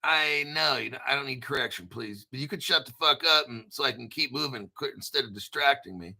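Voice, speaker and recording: An American man hosting a casual commentary, brash and profane, joking around and often clearing his throat. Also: medium pitch, a little fast, pushed and bright. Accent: General American. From United States. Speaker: crypto video host. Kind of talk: casual commentary reading articles.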